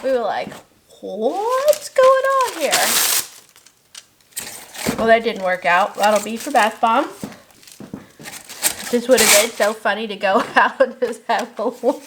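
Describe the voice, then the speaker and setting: Rambling, chatty woman packing orders. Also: a little high. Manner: rambling, storytelling, laughs often. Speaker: soap shop owner packing orders. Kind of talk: chatty vlog while packing. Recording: noticeable background noise and crinkling packaging.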